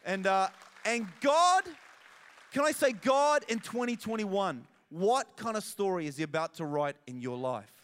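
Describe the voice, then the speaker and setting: Animated male pastor in a reverberant church hall. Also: high-pitched, a little slow. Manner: animated, self-deprecating storytelling with asides. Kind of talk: sermon.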